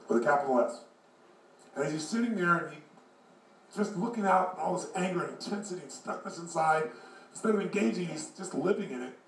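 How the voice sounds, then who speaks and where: A motivational speaker with a high-pitched voice tells a story in an animated way. He acts out the characters as he goes. The recording is echoey and he stands well back from the microphone. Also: a little hiss or hum. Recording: echoey room, far from mic.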